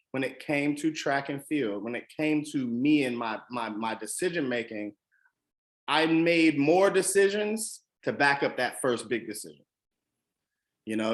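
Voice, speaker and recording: Guy from the dc area telling his motivational story, earnest, leans on words, lots of ums, pitch right in the middle. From Washington DC area. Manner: earnest, emphatic, with frequent ums and restarts. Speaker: motivational speaker.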